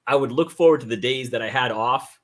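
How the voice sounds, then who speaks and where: A man's voice: medium pitch, fairly quick. A man guesting on a casual podcast, speaking modestly and reflectively. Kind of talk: casual chat.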